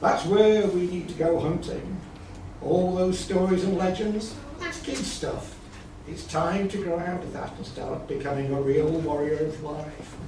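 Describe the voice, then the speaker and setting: A man playing a genial, gravelly-voiced hippie bus leader who mentors a young traveller, read live on stage. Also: sits high, unhurried, dark tone. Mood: preachy. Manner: hearty, preachy encouragement. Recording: echoey hall, far mic, background noise.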